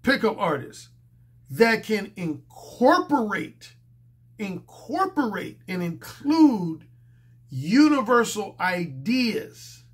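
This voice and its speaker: A man with a hoarse, strained voice from a cold, sitting a little high in pitch. He lectures as a dating coach, hammering his points home and repeating them for emphasis. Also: sing-song, takes it slowly. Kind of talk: monologue to camera.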